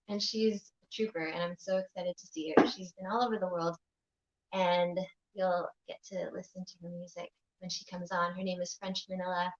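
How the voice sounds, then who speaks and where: A woman's voice: medium pitch, echoey room, muffled recording. A woman hosting an online music stream, introducing the show in an upbeat, chatty way. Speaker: host.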